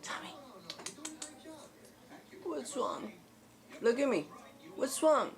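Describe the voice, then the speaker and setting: A woman's voice: a little high, very animated, slow, long pauses, darkish tone. A woman talking to her crying dog in cooing baby talk, with endearments mixed in. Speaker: pet owner.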